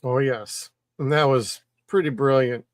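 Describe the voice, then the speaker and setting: A man's voice: mid-range voice, steady tone, unhurried, no echo, clean studio sound. A man co-hosting a podcast in casual chat, easygoing with blunt opinions. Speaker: podcast co-host.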